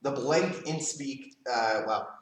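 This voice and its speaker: A man teaching a live leadership class to kids as a karate instructor, calm and earnest, speaking straight to his students. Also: mid-range voice, slow, recorded from a distance. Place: karate school. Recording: roomy, mic set back.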